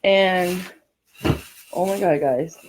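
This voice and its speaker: A woman's voice: lowish voice, very slow, a little hiss or hum, poor audio. A middle-aged woman from California, chatting and rambling through a craft tutorial, laughing often as she tells stories.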